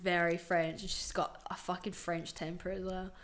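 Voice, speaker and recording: A woman's voice: on the low side, normal speed. A young Scottish woman hosting a podcast, telling stories with lots of swearing and fillers. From Scotland. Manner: animated storytelling, lots of swearing and "like". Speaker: podcast host. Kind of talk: casual chat.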